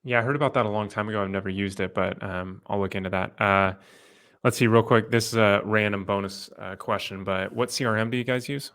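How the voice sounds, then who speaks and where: A man's voice: fairly low pitch, fairly even intonation, a little fast, a bit bright. A man hosting a podcast, asking loose, casual questions with many fillers. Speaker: podcast host. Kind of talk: casual interview.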